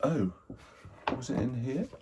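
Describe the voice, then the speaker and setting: A man's voice: mid-range voice, very animated, measured pace, muffled recording, background noise. A man chatting casually and rambling as he unboxes and sorts a haul of old books, thinking aloud and poking fun at himself. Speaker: book collector, channel host.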